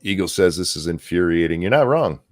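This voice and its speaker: Deep voiced guy on a politics stream, sarcastic, pitch bounces around a lot. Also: expressive, fairly quick. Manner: sarcastic, reads news items aloud. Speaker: co-host of a political talk stream. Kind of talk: casual political commentary stream.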